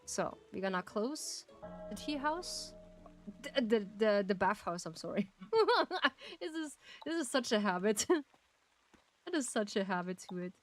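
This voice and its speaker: A very animated woman with a medium-pitched voice streams a game, chatting casually at a measured pace, giggling often and gushing as she thanks her chat. Faint music plays behind her, and the recording is rough.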